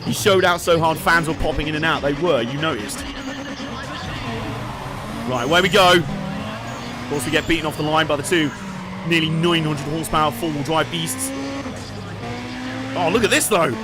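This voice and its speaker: Over racing game music and engine roar, a male streamer jokes, swears and laughs a lot during his let's play commentary. His voice is fairly high, his pace moderate, and he pauses often.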